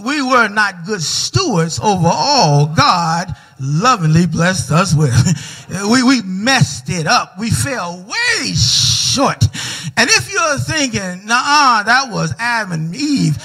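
A man preaching a sermon in a church sanctuary, emphatic, calling for responses and rising to shouts. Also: sits high, sing-song, takes it slowly, breathy edge. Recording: reverberant church hall.

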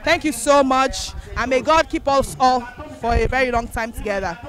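A woman thanks party guests on behalf of her mother, gracious and a little halting. Her voice sits very high. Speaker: celebrant's daughter giving speech. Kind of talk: formal thank-you speech.

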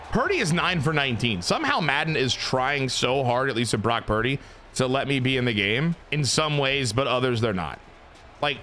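A man giving casual, profanity-laden commentary while playing a football video game, swinging between frustrated yelling and low mumbling. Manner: excitable, swears a lot, swings from yelling to mumbling. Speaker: gaming YouTuber.

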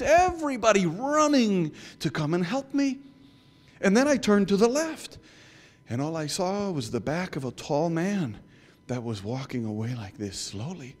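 Animated man telling a church story. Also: high voice. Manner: animated storyteller, asks the listeners questions, drops to whispers. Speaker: guest speaker. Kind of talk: children's story in a sermon.

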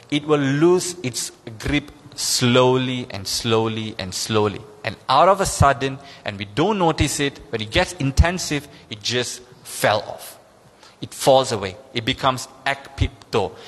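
A man preaching a sermon as pastor, emphatic and repetitive, pushing his pitch up on key points. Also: fairly bright tone. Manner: emphatic, repeats key phrases, rises in pitch when stressing points. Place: church sanctuary. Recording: long hall reverb.

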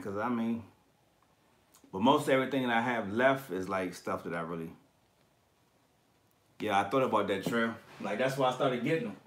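This man's voice is on the low side with a fairly bright tone as he hosts his collectibles channel's livestream. He casually responds to viewer comments, talking in slang, swearing, and laughing often.

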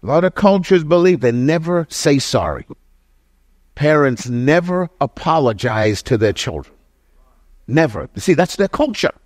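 A middle-aged man preaching a sermon with emphasis, dropping to low murmurs and rising to raised exclamations while asking the congregation question after question. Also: sing-song, unhurried, darkish tone, no room sound, clean studio sound. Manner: asks the congregation questions again and again. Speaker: pastor.

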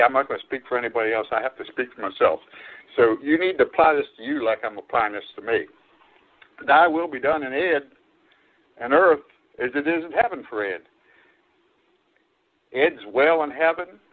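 A male pastor preaching a sermon in a conversational way, often repeating phrases and calling his listeners folks. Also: fairly high pitch. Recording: phone-like narrow-band stream audio.

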